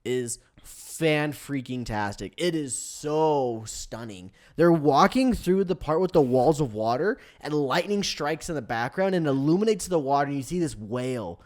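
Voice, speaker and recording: A young man hosting a casual podcast, joking and laughing as he talks, with quick bursts of excitement. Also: fairly high pitch. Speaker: podcast host.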